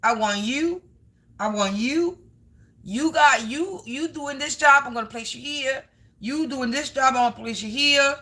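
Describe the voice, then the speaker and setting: A woman voicing God, insistent and bright. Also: sits high, measured pace, pitched above the performer's own voice. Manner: insistent, repeating the same command. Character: God as a commanding divine voice.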